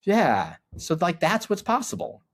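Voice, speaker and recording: A man's voice: high voice, huge pitch swings, unhurried, no echo, clean studio sound. A middle-aged man and podcast guest who speaks earnestly and reflectively about his men's groups, often restarting his sentences. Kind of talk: casual conversation.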